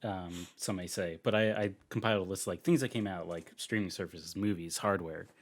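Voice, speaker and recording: A man in his twenties, co-hosting a podcast in a relaxed, chatty way full of fillers. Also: deep voice, fairly quick. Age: 20s. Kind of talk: casual chat.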